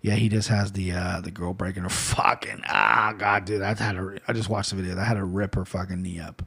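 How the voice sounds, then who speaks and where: A man talking to camera in a casual solo rant, rambling and cursing freely, with bursts of loud mock outrage. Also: low voice, flat delivery, fairly quick, creaky, breathy edge. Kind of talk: casual solo rant about gear and fight news.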